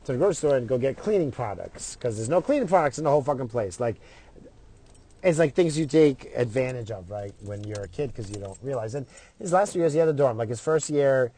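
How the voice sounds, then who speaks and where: A man's voice: mid-range voice, lively intonation, brisk, mellow. A middle-aged man telling a story in a casual, profane way, acting out what other people said in his own voice.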